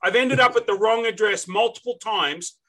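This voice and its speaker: An Australian man hosts a laid-back interview with a clear, bright tone that sits a little high. He chats easily and jokes around with his guest. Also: moderate pace. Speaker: podcast host. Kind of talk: casual interview chat.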